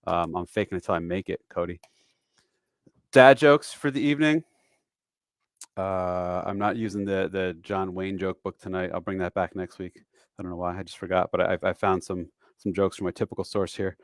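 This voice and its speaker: A man's voice: sits low, fairly even intonation, moderate pace, no echo, clean studio sound. A man in his forties hosting a casual live-stream lesson on retiree taxes, chatty and self-deprecating, slipping in dad jokes between fillers. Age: 40s.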